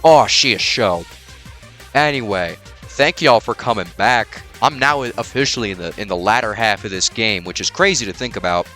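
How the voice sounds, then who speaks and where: A man chatting through a game playthrough with casual, swear-heavy jokes, his voice bright and bouncing across a wide range. Faint music runs behind him. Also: lowish voice, lively intonation, normal speed. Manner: casual, profane, joking. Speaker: let's play host. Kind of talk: let's play commentary.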